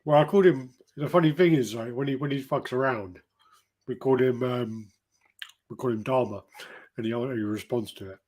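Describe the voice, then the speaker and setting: Man, podcast host, mid-pitch, chatty and profane, rambling storyteller. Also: moderate pace, a little mellow. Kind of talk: casual chat.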